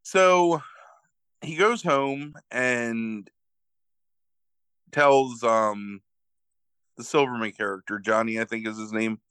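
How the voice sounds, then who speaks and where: Bright-voiced man recapping in rambling casual chat. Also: medium pitch, takes it slowly, long pauses, smooth, no room sound. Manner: rambling, filler-heavy retelling with frequent self-corrections. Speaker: podcast co-host recapping a movie.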